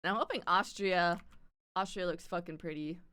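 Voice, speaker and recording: Bright, swearing woman streamer chatting. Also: lowish voice, fairly even intonation, moderate pace, clean tone, no echo. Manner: chatty, swears often, laughs a lot. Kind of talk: casual chat while drawing on stream.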